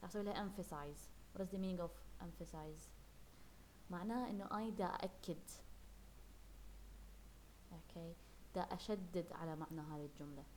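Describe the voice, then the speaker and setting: A quick-speaking woman runs a classroom English lesson, switching freely between English and Arabic. She explains each word patiently, repeats it, and keeps checking that her students follow. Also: fairly low pitch, darkish tone, a little hiss or hum. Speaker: English teacher.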